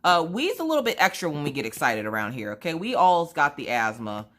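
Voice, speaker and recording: A woman vlogger telling a story in a chatty, slangy way, acting out the voices she quotes. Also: fairly quick. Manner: animated, acts out quoted voices with big pitch jumps; casual slangy talk, addresses viewers as y'all.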